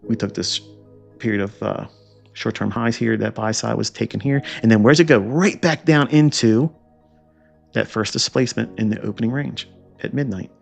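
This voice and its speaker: A man's voice: lowish voice, moderate pace, vocal fry, faint music behind. A man teaching chart trading in a lecture, emphatic and repetitive, firing rhetorical questions and scolding asides. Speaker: trading educator.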